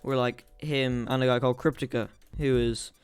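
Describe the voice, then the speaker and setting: A man's voice: mid-range voice, fairly even intonation, normal speed, soft background music. A man with an Irish accent hosting a casual storytime chat, rambling and laughing at his own jokes. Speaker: channel host.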